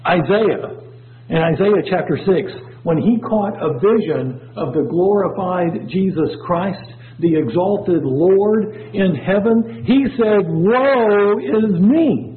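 A man preaching a sermon, his voice surging up and dropping low as he reads scripture. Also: expressive, slow pace. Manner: preaching with sudden swells and drops in pitch. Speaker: pastor. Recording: tinny phone-like low-fi recording.

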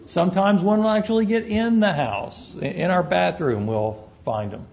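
A man's voice: high-pitched, normal speed, a little mellow, slight background noise. A man preaching a sermon as pastor, folksy and conversational, joking with his congregation, on a dull lo-fi recording.

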